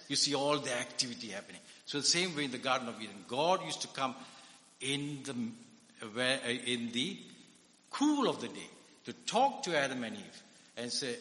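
A man's voice: mid-range voice, bright, forceful tone. A man preaching a conversational sermon, often putting questions to his listeners. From India. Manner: conversational, asks the audience questions. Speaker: preacher and psychiatrist. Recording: echoey hall.

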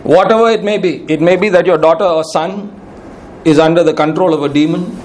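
Male preacher, sermon, high voice, earnest and pleading, repeats phrases, faint background noise. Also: a little fast, a little mellow.

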